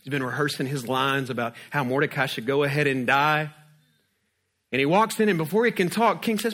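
A male pastor preaching a sermon, retelling a story lively and acting out its scenes. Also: fairly high pitch, fairly quick.

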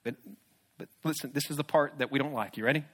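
A man preaching a sermon, moving between loud emphatic declarations and hushed, low, intense passages. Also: fast. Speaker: pastor.

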